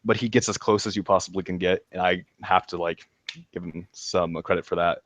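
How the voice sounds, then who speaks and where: Low-voiced man gushing about a show. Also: fairly even intonation, a little fast, a bit bright. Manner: enthusiastic, laughs while recapping, many ums and restarts. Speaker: podcast co-host reviewing a show. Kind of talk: casual review chat.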